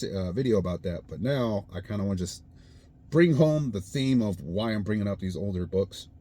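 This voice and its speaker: A man's voice: lowish voice, mellow, slightly rough. A man talking casually to camera about his faith, explaining things plainly and often checking in with "all right?". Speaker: vlogger.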